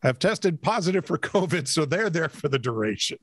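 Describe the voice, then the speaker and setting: A man's voice: on the high side, big pitch swings, normal speed, no room sound, clean studio sound. A man co-hosting a casual comedic news podcast, reading stories aloud, laughing easily and trading quips. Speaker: podcast co-host.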